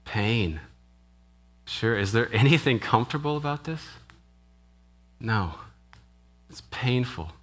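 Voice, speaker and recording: A man's voice: medium pitch, animated, slow, long pauses, fairly bright tone. A man preaching a sermon in a church as minister. He speaks conversationally and keeps asking the congregation questions, often tagging "right?". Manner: asks the congregation questions, with frequent "right?" tags; conversational, with restarts and brief laughs. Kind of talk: interactive sermon.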